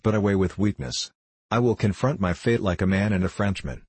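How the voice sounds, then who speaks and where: A man reading aloud puts on a portly, excitable Frenchman who declaims every line as high tragedy, in a low, husky voice. The storybook reading sounds dry and close. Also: a little fast, no room sound. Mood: melodramatic.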